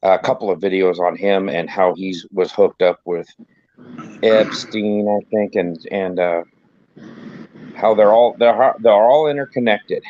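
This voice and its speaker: A man's voice: sits low, a little slow, lo-fi sound, slight background noise. A man chatting casually on a group livestream, rambling with many restarts and fillers. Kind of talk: casual chat. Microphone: phone.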